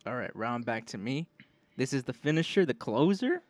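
Giggly, halting young man. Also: medium pitch, big pitch swings. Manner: laughs a lot, halting, fills with ums. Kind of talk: casual freestyle rap battle.

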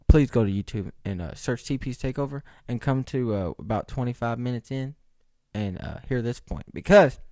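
A man's voice: medium pitch, dry recording, clean studio sound. A young man hosting a podcast, telling a rambling comic story with joking asides to his listeners. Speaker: podcast host. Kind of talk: casual comedic podcast monologue.

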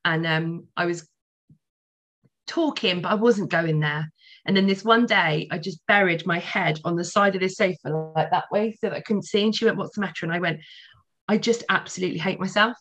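A woman's voice: on the low side, moderate pace, fairly bright tone. A woman in her forties, a podcast guest telling her personal story candidly, swearing freely.

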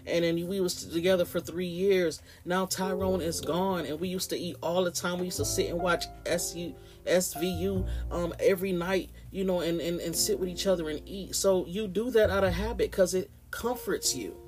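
Animated man rambling over guitar music. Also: high voice. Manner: animated, preachy, slips into playful mimicry. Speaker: podcast host. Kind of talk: casual spoken ramble. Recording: guitar music playing underneath.

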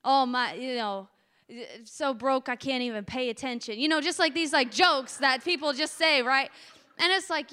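Bright high-voiced woman preaching passionately. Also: moderate pace. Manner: passionate, builds to emotional peaks. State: voice cracking with emotion. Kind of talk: sermon testimony.

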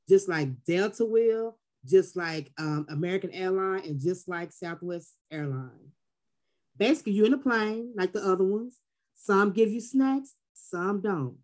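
A woman, telling stories as a podcast guest and acting out the people she quotes. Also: medium pitch. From Texas Gulf Coast. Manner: animated storyteller who acts out quotes. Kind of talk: casual podcast interview.

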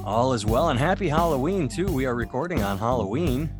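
A man's voice: medium pitch, animated, a little fast, over music. A man who is a stand-up comedian co-hosting a podcast, rambling and sardonic in casual comedic chat. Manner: rambling, sardonic, self-mocking.

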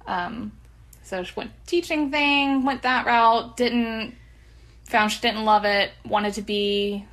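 A woman's voice: on the high side, slow, a bit bright. A young woman with a slight lisp, telling a story in casual, profane podcast chat. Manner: chatty, profane, laughs often. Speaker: podcast co-host.

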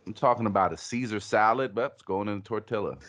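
A man's voice: fairly low pitch, fast talker, fairly bright tone. A man co-hosting a podcast, riffing in a mock-earnest way during casual comedic chat. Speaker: podcast co-host.

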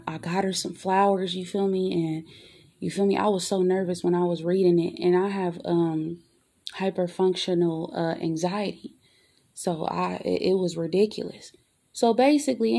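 A woman's voice: on the low side, warm tone. A woman talking straight to her audience in a casual confessional monologue. She rambles, restarts and repeats herself, swears freely, and keeps asking "you feel me?". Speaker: vlogger.

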